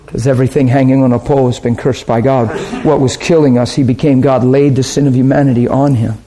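A man's voice: medium pitch, steady tone, fast talker, mellow. A man preaching a sermon in an earnest, conversational way, asking his listeners rhetorical questions.

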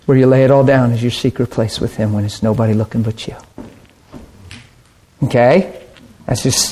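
A man preaching a sermon, animated and chatty, acting out harsh voices and laughing often. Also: medium pitch.

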